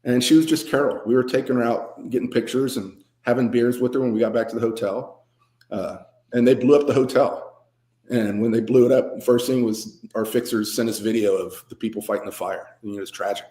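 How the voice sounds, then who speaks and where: A man's voice: mid-range voice, steady tone, fairly quick, warm tone. A man, a veteran and guest musician, telling stories in a laid-back, rambling, self-deprecating way with many fillers. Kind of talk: casual storytelling interview. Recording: roomy echo.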